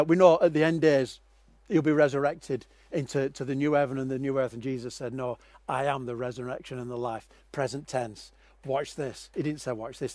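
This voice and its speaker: A man's voice: mid-range voice, no echo. Dramatic preaching man, dry close sound. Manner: dramatic storytelling, swings from quiet to loud. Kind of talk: sermon.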